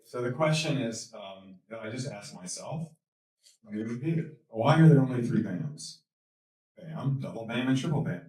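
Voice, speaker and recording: A man as a guest speaker at a talk, telling a story with lots of energy, laughing and repeating words as he gets excited. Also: medium pitch, normal speed. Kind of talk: animated storytelling in a Q&A. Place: lecture hall. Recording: echoey hall, mic from a distance.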